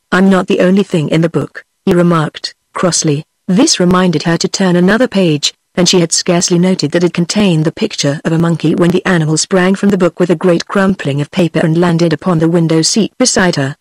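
A text-to-speech voice of a woman with a British accent, narrating a fairy-tale audiobook in an even, steady way. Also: lowish voice, no echo.

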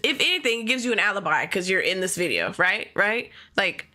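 A woman with a bright, forward voice gives casual reaction commentary as host. She fires off rhetorical questions in a chatty way. She often stops and restarts while hunting for the right words. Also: mid-range voice, animated, fairly quick.

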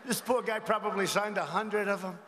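A man's voice: sits high, steady tone, a little fast, a bit bright, slight background noise. A man giving a rambling campaign rally speech from a podium, with mocking asides to the crowd. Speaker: political rally speaker. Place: large indoor arena rally. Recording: echoey arena hall with faint ambience.

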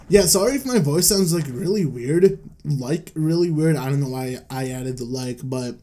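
Rambling young man with a mellow voice. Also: fairly high pitch. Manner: rambling, self-deprecating, trails off. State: holding back coughs, voice cracking. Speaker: gaming YouTuber. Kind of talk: casual gameplay commentary. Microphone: desk mic.

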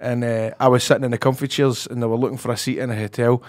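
A man's voice: medium pitch, flat delivery, fast talker, a little mellow. A middle-aged Scottish man co-hosting a football podcast in casual chat, telling stories with laughs and swearing freely. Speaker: podcast co-host.

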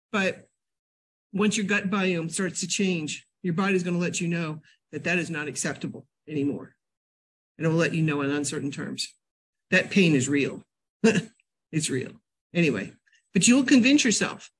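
An older woman from New England giving a casual health talk at a library, a chatty, animated storyteller. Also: medium pitch, normal speed, husky. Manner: chatty, animated storyteller with sudden loud jumps and laughs. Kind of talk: casual lecture with personal stories.

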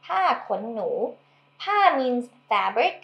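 A woman's voice: on the high side, sing-song, vocal fry, highs cut off. Woman teaching language in an echoey room. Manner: explains patiently, repeating and modelling words slowly. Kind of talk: casual language lesson.

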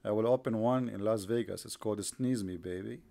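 A man's voice: fairly low pitch, brisk, vocal fry, mellow. A man hosting a live online broadcast, mocking his subject with sarcastic rhetorical questions, repetition and bursts of laughter. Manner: rhetorical, repeats himself.

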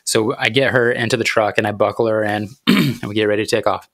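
Earnest low-voiced man telling a story. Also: steady tone, a bit bright, no room sound, clean studio sound. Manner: earnest, reflective, unhurried, with thoughtful pauses. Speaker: podcast host. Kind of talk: personal storytelling on faith and parenting.

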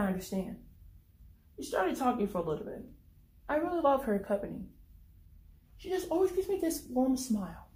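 A woman reading her own dark short story aloud in the first person, in a brooding, conversational way. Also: mid-range voice. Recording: echoey room.

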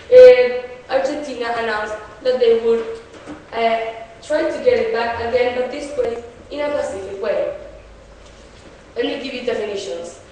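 A teenage woman speaks in a slightly high, earnest voice, explaining her debate case with frequent hesitations. She is caught by a distant mic, her words washing through a big echoey hall over a faint hiss. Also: dark tone. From Chile. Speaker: student debater. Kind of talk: competitive debate speech.

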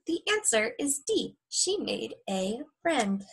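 Young woman teacher at home, high and animated, reading to kids. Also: a little slow, few pauses, poor audio. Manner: chatty, lively storytelling. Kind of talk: recorded lesson reading aloud to young kids.

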